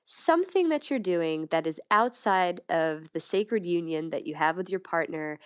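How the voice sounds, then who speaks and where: Chatty, giggly woman with a smooth, lower voice. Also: animated, normal speed, dry recording, dull audio. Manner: giggly, chatty, frequent restarts and laughs. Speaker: podcast guest. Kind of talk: candid casual chat.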